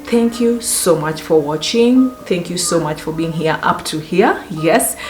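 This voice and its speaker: A woman's voice: lowish voice, expressive, a little slow. A woman vlogger giving casual motivational advice to the camera, emphatic and repeating her phrases, with playful asides. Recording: echoey room with background music.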